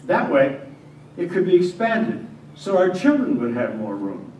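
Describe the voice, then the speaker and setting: A pastor acting out a devout young carpenter who tells his story in the first person. He stammers and speaks from the heart, sliding from a hush into agitation. His somewhat high voice comes from well away from the mic in an echoing church, over a faint hiss. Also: sing-song, a little slow, distant mic. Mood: earnest. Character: earnest young male carpenter, devout and shaken. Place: church sanctuary.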